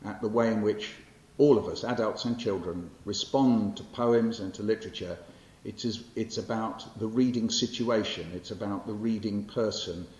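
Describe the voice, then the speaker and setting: A man in his sixties from England delivers a public lecture with poetry readings in a library hall, talking wryly and conversationally while correcting himself and using fillers. His fairly low, slightly mellow voice keeps a moderate pace with hardly any pauses. Faint hiss runs through the roomy, muffled recording.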